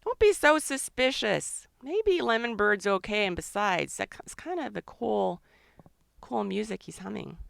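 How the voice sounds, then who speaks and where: A woman's voice: medium pitch, animated, a little slow, vocal fry, a bit bright, no room sound, heavily acted. A woman voicing a reassuring, easygoing talking grape in a playful children's drawing story.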